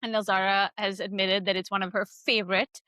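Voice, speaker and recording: A woman's voice: mid-range voice, level tone, brisk, sharp tone, no room sound. A woman hosting a podcast interview, talking earnestly and effusively with frequent restarts and laughter. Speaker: podcast host.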